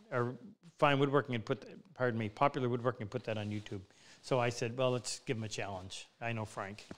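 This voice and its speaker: A woodworking teacher hosting a live Q&A, chatting in a self-deprecating way and rambling through anecdotes. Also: male voice, medium pitch, fairly bright tone, clear, resonant tone. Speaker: woodworking teacher and show host. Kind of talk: live Q&A, casual storytelling. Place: woodworking workshop.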